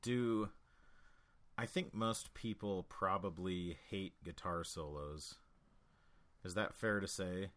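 A man's voice: sits low, takes it slowly, pauses often, fairly bright tone. A man co-hosting a podcast, chatting casually and jokingly about music with plenty of filler words. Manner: joking, rambling with many fillers. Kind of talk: casual chat.

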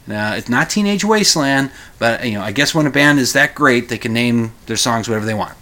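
A podcast host with a bright, forceful, expressive voice tells a story at a brisk clip. He rambles casually, fixes his own wording and chuckles as he goes, switching to a higher voice for quoted lines.

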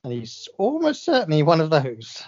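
A man's voice: fairly high pitch, huge pitch swings, normal speed, a little mellow. A man co-hosting a podcast in casual chat, dry and self-mocking, often chuckling. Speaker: podcast co-host. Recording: dull lo-fi podcast audio.

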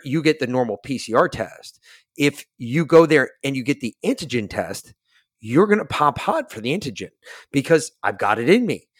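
A man's voice: mid-range voice, no echo, studio quality. Blunt, profane man telling a story. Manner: blunt, profane, acts out quoted dialogue. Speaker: podcast host. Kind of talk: casual storytelling chat.

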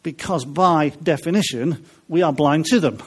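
Speaking at a moderate pace in a slightly high, breathy voice, a man of Welsh heritage gives a funny sermon. He keeps it chatty, tossing joking asides to his listeners between points.

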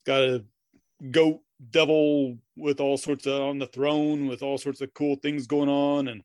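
A man's voice: mid-range voice, little pitch movement, measured pace, a little mellow, dry recording. A man co-hosting a casual podcast, playful and jokey, tossing in theatrical asides. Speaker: podcast co-host. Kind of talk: casual chat.

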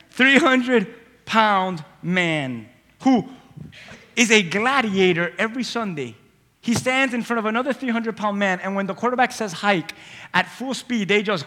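A male pastor preaching a sermon in a church, swinging between loud emphatic lines and quiet asides, acting out little voices as he tells stories. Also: sits high, lively intonation, measured pace. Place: church sanctuary. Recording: long hall reverb. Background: congregation.

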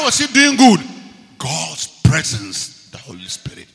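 Ghanaian male preacher, piercing bright tone, repeating refrains up to shouts, long hall reverb with music behind. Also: huge pitch swings, a little slow, gravelly. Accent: Ghanaian English. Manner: swings from low murmurs to shouted climaxes, repeats phrases. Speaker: bishop preaching. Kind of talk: sermon. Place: large church hall.

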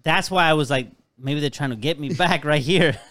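A man's voice: a little high, brisk, fairly bright tone, no echo. A man, a podcast co-host, in casual chat, telling his side with stammers, repeats and laughter.

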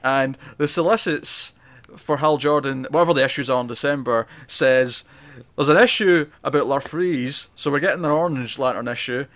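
A man's voice: mid-range voice, normal speed, fairly bright tone. A man co-hosting a casual comic book podcast, enthusiastic and acting out characters' lines. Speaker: podcast co-host.

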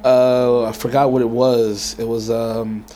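A man's voice: mid-range voice, level tone, measured pace, warm tone, slight background noise. Laid-back man swearing casually. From California. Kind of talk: casual chat.

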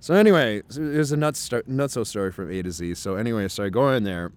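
Man, podcast host, excitable and profane, drinking outdoors. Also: lowish voice, fast talker. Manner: profane, excitable, lots of restarts. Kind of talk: rambling storytelling. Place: outdoors in a park.

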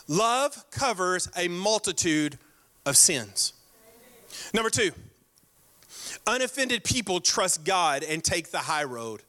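A male pastor delivering a sermon with a high, bright voice. He hammers his points by repeating them and slows way down to read scripture. Between verses he jabs playfully at his listeners. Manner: emphatic, repeats key lines, slows to stress scripture; direct, playful jabs at the congregation.

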